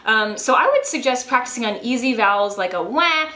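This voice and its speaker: A woman teaches a singing lesson in a chatty, upbeat way. Her voice sits on the higher side, and it carries a noticeable room echo. She often breaks into demonstration sounds mid-sentence. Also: expressive, fairly quick, pushed and bright. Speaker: vocal coach. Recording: roomy echo.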